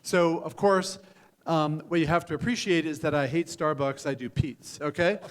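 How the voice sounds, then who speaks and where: Older man, venture capitalist, frank joking feedback, fairly high voice, long hall reverb. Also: fairly even intonation, moderate pace. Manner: frank, joking, many restarts and fillers. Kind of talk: live pitch coaching.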